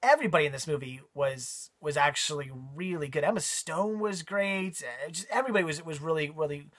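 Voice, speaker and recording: A man's voice: on the high side, brisk, fairly bright tone. A man giving a casual spoken movie review, rambling with frequent ums and repeated words.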